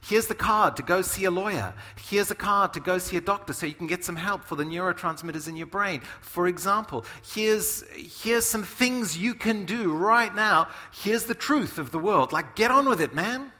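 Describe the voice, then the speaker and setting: A middle-aged man preaching a sermon in a conversational, animated way, often asking "right?". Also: high voice, moderate pace, hardly any pauses, in a large hall. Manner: animated, conversational, many asides and tag questions. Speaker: pastor.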